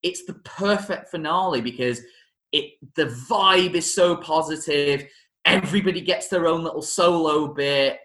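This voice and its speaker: This film-musical podcast host talks at normal speed in a slightly high voice that's bright and forceful. The room echoes, and his enthusiastic, casual chat is full of restarts and self-corrections.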